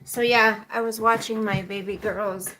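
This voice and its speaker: A woman's voice: mid-range voice, steady tone, a little slow, very noisy. A woman in her forties chatting casually on a livestream, rambling and talking straight to her viewers while answering their comments. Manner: rambling and chatty, talks to viewers as "you guys". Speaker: livestreaming mom vlogger.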